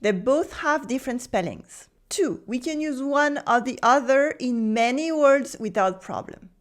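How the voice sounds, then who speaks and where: A woman with a French accent teaching pronunciation, speaking slowly and carefully and repeating words for the listener. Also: high voice, lively intonation. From France. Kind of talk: pronunciation lesson.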